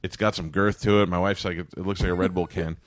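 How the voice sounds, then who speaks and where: A man with a very low voice co-hosting a casual comedy podcast. He rambles and restarts as he builds up crude stories. His voice is recorded dry and close to the mic. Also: steady tone, no echo. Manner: rambling, bawdy, with many restarts and drawn-out asides.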